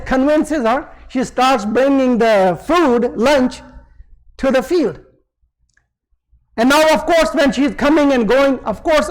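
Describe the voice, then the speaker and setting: High-voiced man telling a sermon story. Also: low-quality recording. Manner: conversational, with frequent asides. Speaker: religious preacher.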